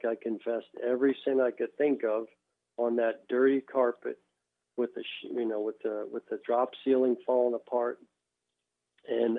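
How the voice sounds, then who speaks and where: A man, a former baseball pitcher, telling his faith testimony as a guest, halting and repeating words as he goes. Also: creaky. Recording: tinny phone line.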